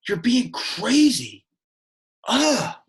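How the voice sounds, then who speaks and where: A man voicing a sullen, awkward teenage boy who gives a Latin lesson, deadpan, whiny and easily annoyed. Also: high voice, slow, vocal fry, breathy edge, exaggerated voice. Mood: exasperated deadpan. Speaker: Latin teacher.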